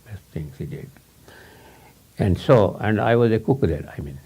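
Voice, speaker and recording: Man, gravelly, rambling talk, repeats himself, small audience. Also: lowish voice, lively intonation, normal speed, a crowd in the background. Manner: rambling, repeats words, laughs often. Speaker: speaker giving a talk. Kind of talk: informal lecture to a small audience.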